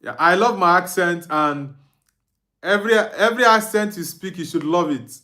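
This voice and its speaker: Bright-voiced Nigerian man streaming football. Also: high voice, normal speed. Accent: Nigerian Igbo English. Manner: reads viewer comments aloud and answers them, laughs often. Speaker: football watch-along streamer. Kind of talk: live stream chat reading.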